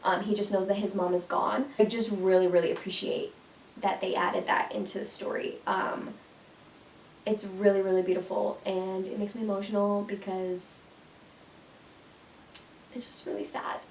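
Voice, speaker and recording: A young woman talks through a casual countdown in a gushing, emotional way and keeps saying "oh my gosh." Her voice sits at an ordinary pitch. It sounds roomy and a little distant from the mic. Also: level tone, moderate pace, pauses often, a little hiss or hum. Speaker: YouTuber. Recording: echoey room, mic at a distance.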